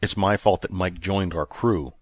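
Grumbling feverish space captain, stubborn and sulky, very deep voice, dry close sound, read by a man. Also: a little slow, dry recording. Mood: guilty. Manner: grumbling, low and subdued. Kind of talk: audiobook character reading.

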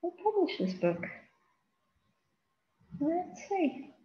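A woman's voice: very high-pitched, big pitch swings, very slow. A woman, a children's librarian, reading picture books aloud to kids and chatting as she handles the pages. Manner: chatty, sing-song, fussing with the book on camera. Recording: roomy, dull lo-fi with faint hiss.

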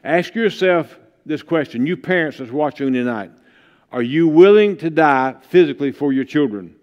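A male pastor preaching a sermon, stacking up repeated rhetorical questions in a steady preaching cadence. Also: on the high side, moderate pace. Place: church. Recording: dull lo-fi livestream sound.

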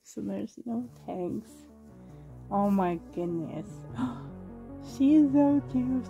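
A woman's voice: mid-range voice, expressive, drawn-out words, vocal fry, warm tone, highs cut off, faint music behind. A woman with a Canadian accent, chatting casually while unboxing, gushing, giggly and rambling. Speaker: reborn doll vlogger.

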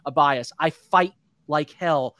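Brief: man in his thirties, higher voice, dry close sound, heated podcast rant that keeps restarting. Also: slow, bright, forceful tone, dry recording. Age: 30s. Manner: heated, frustrated, rambling with restarts. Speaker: sports podcast analyst.

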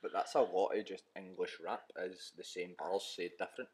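A Scottish man hosting a podcast, asking relaxed, leading questions in casual chat. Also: deep voice, normal speed, low-quality recording. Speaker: podcast host.

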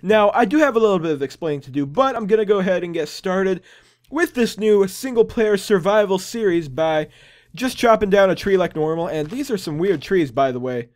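Upbeat high-voiced young man gaming. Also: a little mellow. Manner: rambling, upbeat, self-amused asides. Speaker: gaming channel host. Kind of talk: casual gameplay commentary.

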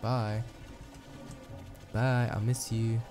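A man's voice: mid-range voice, flat delivery, drawn-out words. A young man giving casual, chatty commentary while playing a video game, upbeat with playful asides. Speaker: let's play host. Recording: music playing underneath.

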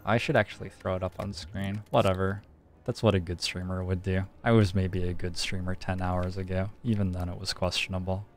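A man streaming a card game, relaxed, thinking aloud and explaining his choices at length. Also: deep voice, a little fast. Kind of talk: casual live-stream gameplay commentary.

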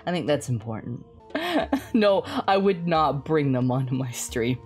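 A young woman streamer telling a family story in casual chat, laughing often and talking in a bubbly, animated way. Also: low voice, measured pace, faint music behind.

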